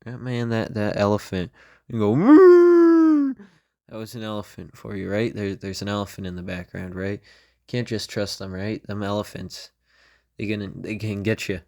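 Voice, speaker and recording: A young man with a fairly low voice talks through a comedic podcast monologue. He wanders from thought to thought and keeps checking in with "you know?" and "right?" all the way through. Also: flat delivery, moderate pace, gravelly. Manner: meandering, constant "right?" and "you know?" tags. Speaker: podcast host.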